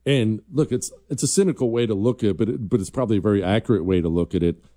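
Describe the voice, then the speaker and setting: A man's voice: lowish voice, rapid-fire, mellow, dry recording, studio quality. Combative male political commentary host. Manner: combative, emphatic.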